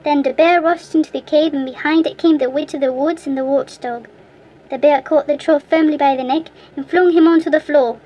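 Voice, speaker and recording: A woman reading a fairy tale aloud as an audiobook narrator in a clear, steady way. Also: sits high, a little fast, dull audio. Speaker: audiobook reader. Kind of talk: storybook narration.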